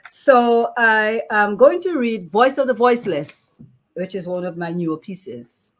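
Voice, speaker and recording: A woman poet chatting in an interview, then reciting her poem in a declamatory way with repeated refrains. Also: medium pitch. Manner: slow, lively, declamatory reading with repeated refrains. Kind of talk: casual interview and poetry recitation.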